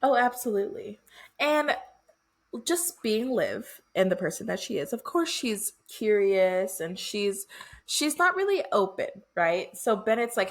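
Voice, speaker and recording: Animated woman co-hosting a book podcast. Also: medium pitch, measured pace. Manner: animated retelling with quoted voices and laughter. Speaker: podcast co-host. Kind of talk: casual book chat.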